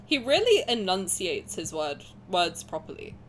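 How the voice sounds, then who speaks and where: A woman in her twenties with a posh southern English accent, streaming a game and chatting through it in rambling, animated asides. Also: fairly low pitch, measured pace, slight background noise. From south of England. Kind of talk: gaming commentary and reading aloud.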